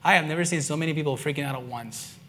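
A man's voice: on the high side, quick pace. Earnest man preaching a testimony. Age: adult, father and son-in-law. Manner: earnest storytelling, swinging between quiet and excited. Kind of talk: sermon testimony.

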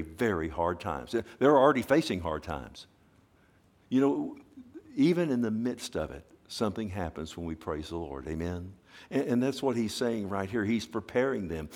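A pastor preaching a sermon, a man who talks emphatically, asks rhetorical questions and keeps checking in with "amen". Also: on the low side.

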